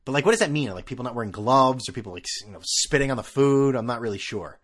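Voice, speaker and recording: A man's voice: medium pitch, animated, quick pace, fairly bright tone. Sarcastic, rambling male podcast host. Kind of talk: casual solo podcast rant.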